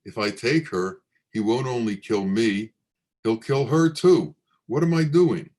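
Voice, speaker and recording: Man doing a worried dad fretting, low voice, kinda slow. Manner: anxious, fretting. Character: worried father, a king's minister.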